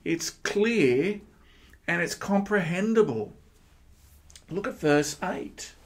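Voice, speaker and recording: An Australian man preaching a sermon, animated and emphatic, firing rhetorical questions at his listeners. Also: slow pace. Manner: animated, with sudden jumps in pitch and loudness. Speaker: pastor.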